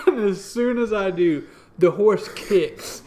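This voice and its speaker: A man co-hosting a casual video game chat, telling stories in an animated way and laughing through them. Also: high-pitched, takes it slowly. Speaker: podcast co-host.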